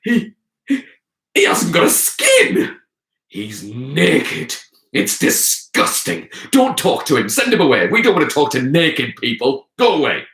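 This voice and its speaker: A man's voice: huge pitch swings, unhurried, a bit bright, full character voice. A man voicing a crowd of snooty jungle animals who sneer and gossip. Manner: sneering, shrill and dismissive. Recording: roomy echo.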